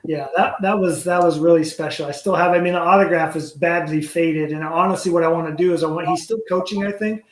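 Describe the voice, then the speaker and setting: A man's voice: a little high, fairly quick, hardly any pauses, roomy sound, a little hiss or hum. A man co-hosting a podcast in casual chat, eager and talkative, rambling a little as he asks questions. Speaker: podcast co-host.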